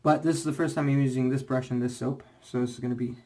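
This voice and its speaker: A man's voice: mid-range voice, steady tone, fast, mellow. A young man rambling casually in a shaving vlog, full of fillers and restarts, slightly out of breath. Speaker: shaving vlogger.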